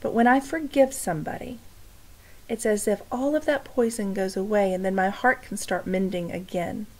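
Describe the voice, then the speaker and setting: A woman's voice: mid-range voice, normal speed, rough recording. A woman reading a storybook aloud to young listeners, stopping to speak to them directly. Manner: warm direct address to listeners.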